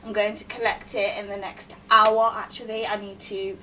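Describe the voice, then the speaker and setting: A 21-year-old woman chatting in a vlog, out of breath and rushing, bubbly and gushing. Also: medium pitch, flat delivery, bright, forceful tone, far from the mic, slight background noise, rough recording. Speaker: vlogger. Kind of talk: casual vlog chat.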